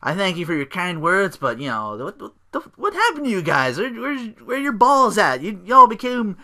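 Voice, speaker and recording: A man's voice: high voice, wildly swooping pitch, moderate pace, pushed and bright, pitched above the performer's own voice, full character voice. A man imitating a cocky male wrestler scornfully taunting his teammates.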